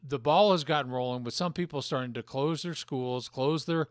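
A man hosting a wrestling podcast who speaks in a deliberate, emphatic way. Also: medium pitch, no room sound. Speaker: podcast host. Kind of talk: casual chat.

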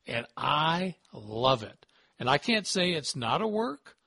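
Male podcast host; animated, slightly high, dry close recording. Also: takes it slowly, breathy edge. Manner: lively, joking, stammers now and then. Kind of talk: casual chat.

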